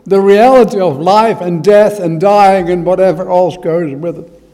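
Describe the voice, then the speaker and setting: A man with an Australian accent preaching a sermon in church and telling a personal story. He stresses words with force, then drops to hushed asides. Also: sits high, steady tone, normal speed, big-room sound. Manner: emphatic, swings from loud stress to hushed asides.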